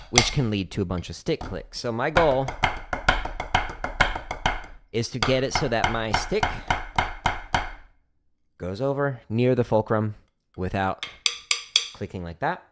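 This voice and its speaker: The recording is very noisy as a drum teacher with a medium-pitched voice speaks unhurriedly, pausing often. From his practice room on a livestream, he explains technique in a relaxed way with fillers, using a studio microphone near the drum setup.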